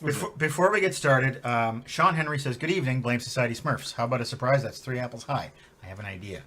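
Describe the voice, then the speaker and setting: A man's voice: mid-range voice, fast talker, a bit bright, a little hiss or hum. A man hosting a comedy tabletop game show, recapping the story with wry, playful chat. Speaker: game host.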